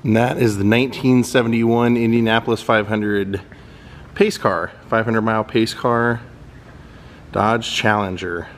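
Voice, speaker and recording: A man's voice: on the low side, steady tone, measured pace, slight background noise. Chatty man touring a car museum. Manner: chatty, admiring, thinks aloud. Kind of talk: casual walking tour commentary.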